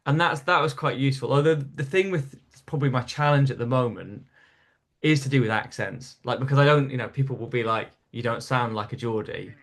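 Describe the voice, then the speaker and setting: Animated man telling a comedy anecdote. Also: mid-range voice, brisk. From North East England. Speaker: stand-up comedian, podcast guest. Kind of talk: storytelling in casual interview.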